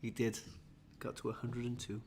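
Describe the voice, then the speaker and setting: A man's voice: mid-range voice, completely flat delivery, normal speed, a little mellow, slight background noise. A tired, jetlagged man from Wales, rambling and self-mocking as he chats with viewers on a livestream. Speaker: livestream host. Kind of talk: casual livestream chat.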